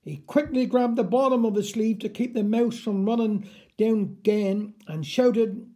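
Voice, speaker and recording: Mellow-voiced man telling a dialect story. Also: high-pitched, measured pace. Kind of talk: reading a dialect story aloud.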